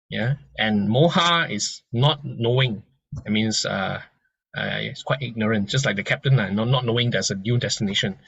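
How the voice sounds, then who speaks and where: Husky-voiced man teaching gently. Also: fairly low pitch, dry recording, dull audio. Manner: gentle and conversational, many restarts and soft laughs. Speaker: dharma teacher. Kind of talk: informal lecture with analogies.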